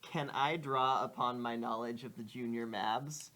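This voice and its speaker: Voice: medium pitch, fairly even intonation, a little slow, crowd noise. A player in a tabletop game asking about the scene, casual and laughing often. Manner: casual, laughs between lines.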